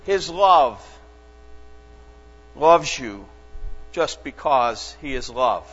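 Slow, earnest male pastor preaching. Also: medium pitch, animated, fairly bright tone, slightly rough. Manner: slow, earnest storytelling with dramatic pauses. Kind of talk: sermon. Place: church sanctuary. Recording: dull lo-fi church recording with long reverb and mains hum.

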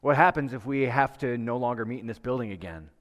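A man's voice: medium pitch, quick pace, a bit bright, long reverb tail. A male pastor preaching to a live congregation in a church, praying, telling a story and asking the people questions in a conversational way. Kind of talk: sermon with prayer and storytelling.

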